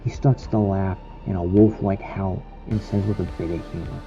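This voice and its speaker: A man narrating a horror short story in a slow, dramatic storytelling manner. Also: sits low, fairly even intonation, highs cut off, soft background music.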